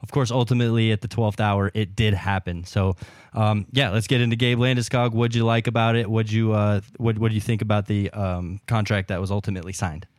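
A man's voice: lowish voice, steady tone, brisk, no echo, clean studio sound. A man co-hosting a sports podcast, chatting and steering the conversation to the next topic. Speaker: podcast co-host. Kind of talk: casual sports podcast chat.

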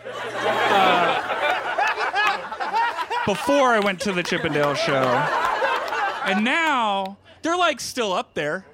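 A man's voice: high-pitched, very animated, slow, long pauses, very noisy. A middle-aged man from New Jersey doing a stand-up routine on a comedy club stage, telling self-mocking stories with playful asides to the crowd. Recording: live stage mic with audible room ambience.

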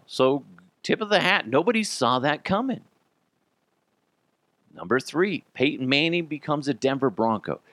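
Animated, lively man talking sports. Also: medium pitch, no echo. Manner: animated, swears freely, laughs often. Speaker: podcast host. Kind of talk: casual sports talk.

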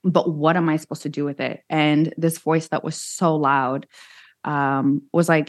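A woman with a low, full voice speaks as a guest on an interview show. She is frank and plain-spoken, telling her own story in an animated, candid way. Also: measured pace. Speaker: guest, social media influencer.

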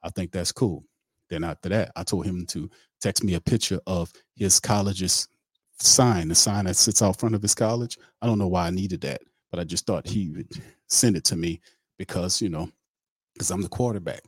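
A man's voice: deep voice, moderate pace, slightly rough, no echo, studio quality. A man hosting a sports talk show, telling a rambling, joking story in a loose, slangy way. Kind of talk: casual comedic sports talk.

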